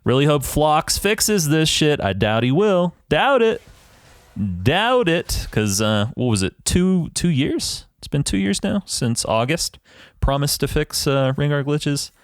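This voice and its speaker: A man's voice: fairly high pitch, animated, measured pace, smooth, no echo, studio quality. A man giving casual commentary over a replay of his own game, explaining his decisions and swearing freely. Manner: profane, ranting, self-assured; analytical, talks through his decisions. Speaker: gaming YouTuber reviewing his own match.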